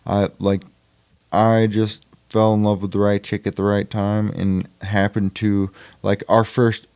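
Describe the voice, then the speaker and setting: A young man talks loosely and rambles, full of fillers and restarts, in casual podcast chat. His voice sits low. The sound is dry and close. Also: little pitch movement, measured pace, a little mellow, smooth, no echo. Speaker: podcast guest, indie film actor.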